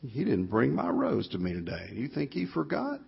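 A soft, pleading little girl of four, quoted in a storyteller's retelling, with a man barely lifting his gravelly voice for her. The live church recording is dull and lo-fi. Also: mid-range voice, huge pitch swings, normal speed, voice pushed up, heavily acted. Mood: tearful.

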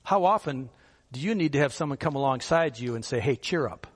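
Speaking fairly quickly with lively intonation, a male pastor asks his listeners rhetorical questions during a conversational sermon, occasionally letting out a chuckle. His voice is mid-range, and the setting sounds like a large hall.

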